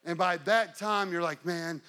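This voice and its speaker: A middle-aged male pastor delivering a sermon, building intensity through repeated phrases and slowing down for emphasis. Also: fairly high pitch, sharp tone. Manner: preaching with rising and falling intensity, repetitive emphasis.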